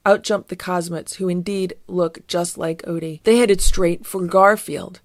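A woman reading a children's storybook aloud in an even, gentle way. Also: lowish voice, measured pace, no room sound, studio quality. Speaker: narrator.

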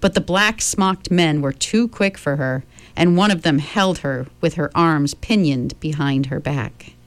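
A woman's voice: low voice, no room sound. A woman reading a novel aloud chapter by chapter, with friendly asides to her listeners. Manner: slow, gentle reading with chatty asides to listeners. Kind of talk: read-aloud book narration.

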